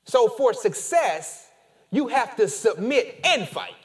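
A man preaching a sermon as pastor, animated, with call-and-response and casual storytelling asides. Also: extremely high pitch, takes it slowly.

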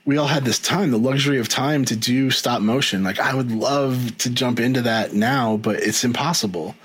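Husky middle-aged man, rambling chat. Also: mid-range voice, normal speed, a bit bright, poor audio. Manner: rambling, many ums and restarts. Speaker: guest, video editor. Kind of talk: casual podcast conversation.

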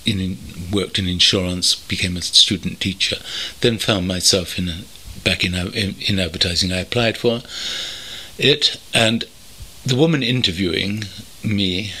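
An older man from North London, reminiscing thoughtfully as an interview guest, pausing often with ums. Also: low voice, steady tone, sharp tone, husky. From North London, England. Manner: thoughtful, measured, with many pauses and ums. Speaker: interview guest, veteran copywriter. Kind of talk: reflective reminiscing. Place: country home.

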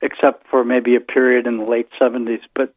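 An older man, calling in to a casual sports chat and talking in a measured, thoughtful way with hesitant restarts. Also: mid-range voice, little pitch movement, no room sound. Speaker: caller, the host's father. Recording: tinny phone line.

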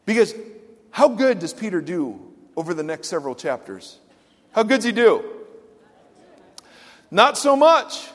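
A man pastor delivering a sermon, swinging from loud emphatic lines to hushed, quiet asides. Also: high-pitched, very animated, measured pace, long pauses, in a large hall.

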